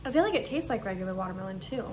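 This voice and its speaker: Speaking rapid-fire at a medium pitch, a young woman vlogs at home with the air conditioner running and background noise present. She chats excitedly about her haul, thinking out loud as she tastes snacks.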